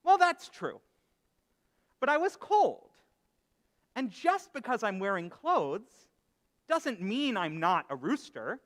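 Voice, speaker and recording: A man's voice: high-pitched, takes it slowly, long pauses, voice pushed up, full character voice. A man voicing a patient, wise old man who acts like a rooster, told within a sermon. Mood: reasonable. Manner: calm, patient, gently reasoning. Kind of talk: storytelling in a sermon. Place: synagogue sanctuary. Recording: echoey hall reverb.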